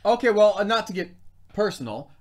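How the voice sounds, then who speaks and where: Young male co-host, casual rambling chat, very lively pitch. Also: a little fast. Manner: rambling, animated, jumps between pitches. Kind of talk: casual live-stream chat.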